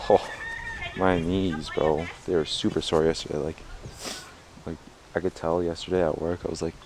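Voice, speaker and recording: Low-voiced young man rambling, profane. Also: level tone, brisk, background noise. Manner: rambling, profane, filler-heavy. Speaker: martial arts tricking vlogger. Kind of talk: casual rambling vlog. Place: outdoors.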